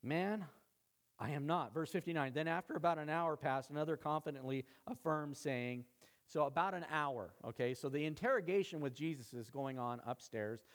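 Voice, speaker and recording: A male pastor giving a conversational sermon, with a voice that swells louder when he presses a point. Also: on the high side, fairly quick.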